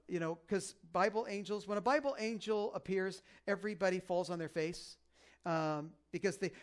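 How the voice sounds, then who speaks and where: A man preaching a conversational sermon as pastor, joking and animated, with lots of fillers and restarts. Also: sits high.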